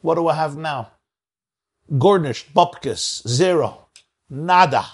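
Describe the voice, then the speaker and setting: Man doing a bitter fallen doctor, husky and raised. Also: fairly high pitch, slow, voice pushed up, full character voice. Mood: bitter lament. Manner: lamenting, listing past honors. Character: boastful former top doctor, older man, bitter.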